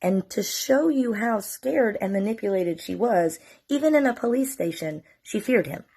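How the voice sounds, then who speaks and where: A woman's voice: medium pitch, lively intonation, normal speed, darkish tone, slightly rough. A middle-aged woman, telling a personal story to camera in a candid, emotional, profane way. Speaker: mother telling her story.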